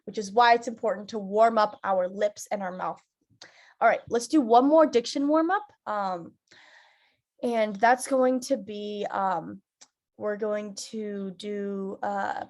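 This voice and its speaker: A woman's voice: mid-range voice, slow pace. A woman teaching an online theatre lesson, leading rhythmic nonsense-syllable chants and talking directly to young students.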